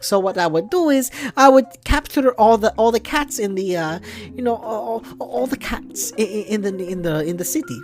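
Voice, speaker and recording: A man's voice: high voice, expressive, faint music behind. A man voicing a middle-aged aunt who stammers and schemes. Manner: halting, stammering.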